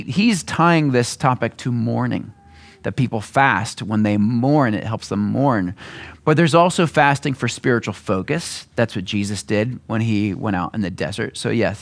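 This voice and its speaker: A man delivers a sermon in an easygoing, conversational manner. His voice sits at an ordinary middle pitch, and he acts out brief voices now and then to make his points. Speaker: preacher.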